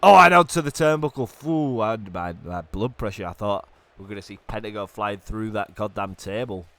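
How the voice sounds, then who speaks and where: A man doing excited play-by-play commentary on a wrestling video game while ill, dropping to low mutters and then bursting into shouts. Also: normal speed. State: ill, coughing.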